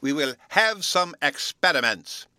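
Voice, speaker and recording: A man reads a fussy, absent-minded old professor in a full character voice, lecturing pompously in a slow, high storybook style. The tone is bright with big pitch swings, and the sound is dry and close with no echo.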